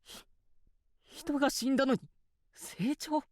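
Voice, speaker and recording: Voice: high voice, brisk, no room sound, clean studio sound, close to an everyday voice. A voice actor playing a troubled young man in a game, speaking in a shaky, hesitant, defensive way. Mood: upset.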